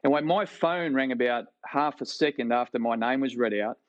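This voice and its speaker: Middle-aged Aussie ex-footballer guest on video call, animated self-deprecating storyteller, dry audio. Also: male voice, medium pitch, normal speed, no room sound, muffled recording. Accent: Australian. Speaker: guest, former rugby league player. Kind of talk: storytelling interview.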